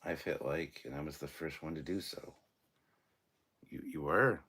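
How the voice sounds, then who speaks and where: A man's voice: extremely low pitch, unhurried, a bit bright, breathy edge. A man in his forties hosting a live stream, chatting casually and joking as he reads viewer comments aloud. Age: 40s.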